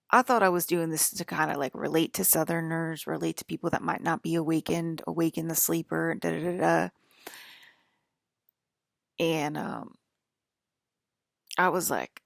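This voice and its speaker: Low, gravelly rambling woman vlogger. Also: fairly even intonation, moderate pace, pauses often, dry recording, clean studio sound. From northern US. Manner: rambling, many fillers and restarts, tangents. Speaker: online broadcaster. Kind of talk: casual rambling monologue.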